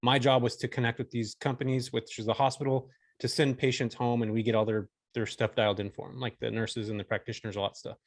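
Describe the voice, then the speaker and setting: A man's voice: mid-range voice, little pitch movement, fast, few pauses, no echo. A man in his forties from California, a podcast guest telling a story in a laid-back, slangy way. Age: 40s. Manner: laid-back, slangy, says dude and bro. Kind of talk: casual storytelling interview.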